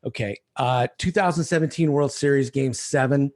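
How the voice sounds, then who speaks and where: A man's voice: mid-range voice, normal speed. A middle-aged man telling a rambling story over drinks, acting out the other people in it. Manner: rambling, animated retelling with voiced quotes. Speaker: podcast guest.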